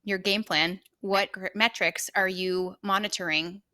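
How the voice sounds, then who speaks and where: A woman's voice: mid-range voice, steady tone, unhurried, bright, forceful tone. A woman co-hosting a casual podcast, talking in an emphatic, motivational way and repeating phrases for effect. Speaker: podcast co-host.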